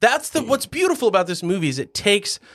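A man hosting a casual podcast chat about movies, excitable and quick to laugh, swearing freely. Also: sits high. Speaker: podcast host.

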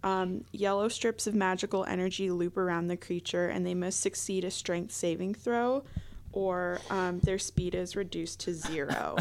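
A woman playing a tabletop game, hesitant and halting with many ums. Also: on the low side, fairly even intonation, slight background noise. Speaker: player.

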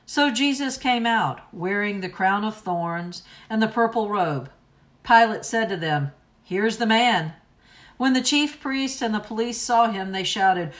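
A woman reads scripture aloud in a solemn, deliberate liturgical manner. Her voice is pitched in the middle for a woman, and she takes each phrase carefully. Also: animated, fairly bright tone. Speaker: scripture reader. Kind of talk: liturgical reading.

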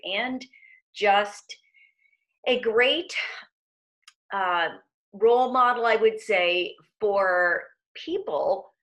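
A woman's voice: mid-range voice, fairly bright tone. A woman hosting a podcast, affirming her guest and laughing often. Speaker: podcast host. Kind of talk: podcast interview.

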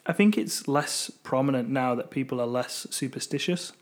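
A man's voice: mid-range voice, moderate pace. A man from Britain co-hosting a podcast, talking things over in a thoughtful, casual way. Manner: thoughtful, musing, with fillers. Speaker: podcast co-host. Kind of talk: casual chat.

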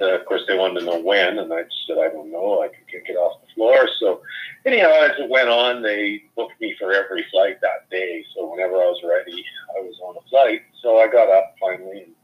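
A middle-aged father telling a personal account in a subdued, plain, matter-of-fact way. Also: on the low side. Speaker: bereaved father. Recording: dull lo-fi recording.

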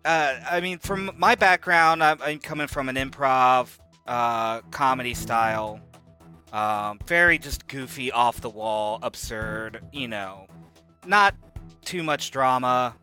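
A man's voice: mid-range voice, slow, bright, forceful tone, faint music behind. A man answering questions about his work as a cast member, hesitant and searching for words. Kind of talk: casual interview answer.

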